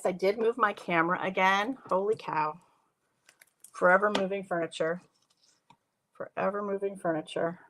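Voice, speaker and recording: A woman's voice: medium pitch, fairly bright tone. A woman hosting a live craft stream from her home craft room, chatting to viewers by name while she works. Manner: chatty, laughs often, talks to viewers by name. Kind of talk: casual live craft demo chat.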